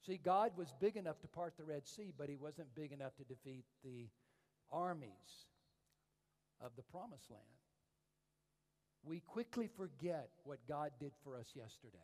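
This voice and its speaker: A man preaching a sermon and telling stories, swinging from hushed tones to loud, emphatic calls. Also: a little high, animated, normal speed. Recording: echoey hall reverb.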